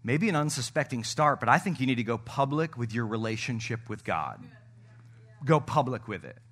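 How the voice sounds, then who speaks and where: A middle-aged male pastor preaching a sermon, joking with the congregation and swinging between loud shouting and soft asides. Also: medium pitch, expressive, normal speed.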